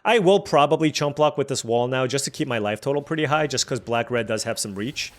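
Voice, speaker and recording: Mid-range and brisk, the man's voice accompanies his stream of a digital card game, where he talks through each play out loud, chatting as he mulls over his choices.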